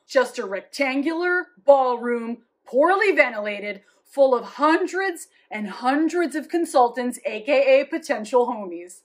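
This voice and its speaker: A woman's voice: high-pitched, lively intonation, unhurried. A woman in a comedy sketch playing a restless, upbeat worker who can't sit still, talking in a bubbly, peppy way. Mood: salesy. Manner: bubbly and peppy, jumping between ideas.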